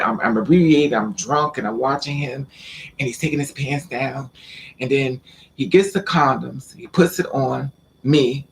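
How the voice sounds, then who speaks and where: A man telling a personal story in a casual vlog, talking in an animated way with stammering repeats and acting out the lines of the people in it. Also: mid-range voice, vocal fry, a little hiss or hum. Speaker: vlogger.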